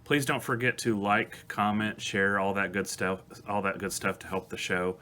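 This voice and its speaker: A man's voice: on the low side, steady tone, moderate pace, bright, forceful tone, slight background noise. A man hosting a devotional show, speaking earnestly and with emotion. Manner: earnest, emotional, reads song lyrics aloud. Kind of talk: devotional talk.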